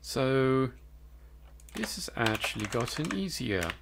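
A man's voice: mid-range voice, very animated, measured pace, heavy background noise. A man giving live coding commentary as a programmer, thinking aloud and hesitating with fillers.

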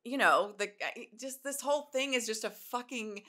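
A woman in her forties hosting a podcast, chatting casually and telling animated stories, swearing now and then. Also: fairly high pitch, moderate pace. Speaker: podcast host. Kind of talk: casual chat.

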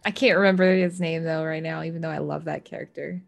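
A woman's voice: low-pitched, fairly even intonation, fast, creaky, no room sound, faint music behind. A woman playing in a tabletop game, chatting casually and hesitating as she searches her memory. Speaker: player.

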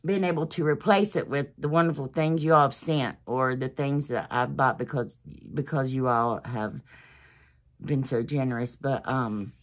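A woman hosting a DIY channel, chatting casually to her viewers in a rambling, gushing, emotional way, sometimes dropping to a soft whisper. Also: extremely low pitch, steady tone, moderate pace.

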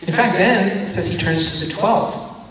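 A priest giving a teaching talk, animated and acting out the voices of the people in his story. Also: high voice, normal speed, a little hiss or hum. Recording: echoey church hall from far off.

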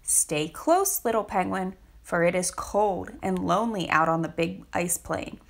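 A woman voicing a proud, gentle father emperor penguin in a storybook reading, speaking low, calm and protective. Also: measured pace, creaky, heavily acted.

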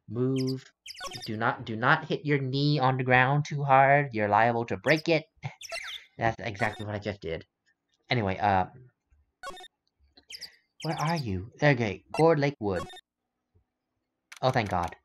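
A man's voice: medium pitch, expressive, takes it slowly, pauses often, fairly bright tone, slight background noise. A man casually commenting on a game playthrough and reading its lines, wry and self-mocking. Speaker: let's play host.

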